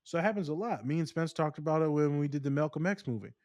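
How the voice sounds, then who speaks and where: A man co-hosting a podcast, talking casually and telling stories in long, animated rants. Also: on the high side, fast talker, no echo. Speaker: podcast co-host.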